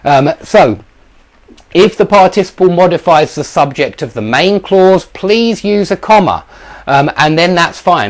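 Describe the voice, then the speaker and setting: Man, English teacher, grammar lesson, patient explaining, lots of ums, pitch jumps around. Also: expressive, a little slow.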